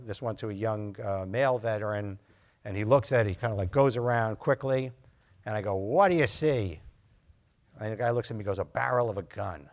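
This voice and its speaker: A physician giving a conversational lecture to nurse practitioners, loose and anecdotal, acting out his talks with patients. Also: on the low side. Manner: loose and anecdotal, full of fillers, acts out patient dialogue.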